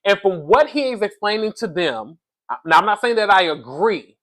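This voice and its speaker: A man giving a casual, animated recap of a reality show, talking straight to his viewers and often adding "allegedly". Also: high-pitched, normal speed. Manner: animated, talks to the audience as "y'all", says "allegedly" often. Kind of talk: casual commentary.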